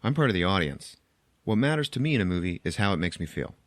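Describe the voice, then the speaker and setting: A man's voice: low voice, very animated, fast talker, fairly bright tone, dry recording. A man hosting a podcast, recapping a film plot in casual chat, chatty and profane, laughing at his own jokes, on a close microphone.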